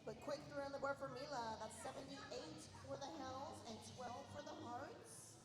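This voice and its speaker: A woman calling roller derby action live in quick, brisk updates. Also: high voice, steady tone. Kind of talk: live play-by-play commentary. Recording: echoey distant arena sound with music.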